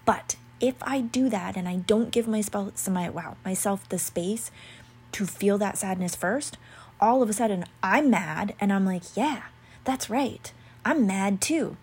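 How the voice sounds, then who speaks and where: A woman chatting casually about astrology, rambling and full of "like" and "you know", sometimes dropping into soft whispery asides. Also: medium pitch, moderate pace, slightly rough. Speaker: astrology content creator. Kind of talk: casual chat.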